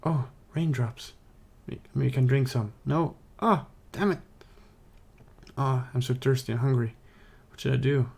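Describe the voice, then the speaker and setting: A man voicing a sad, lonely young man caught in the rain, in a soft, wistful mumble. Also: medium pitch, fairly even intonation, a little slow, gravelly, breathy edge, voice pushed up. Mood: thirsty, whiny.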